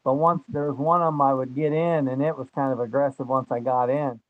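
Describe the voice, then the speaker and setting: An older man, chatting in a rambling, folksy way about life on the homestead. His voice sits at a middle pitch. The recording sounds dull and lo-fi, with a faint hiss underneath. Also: steady tone, brisk. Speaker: homesteading channel host. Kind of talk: casual chat.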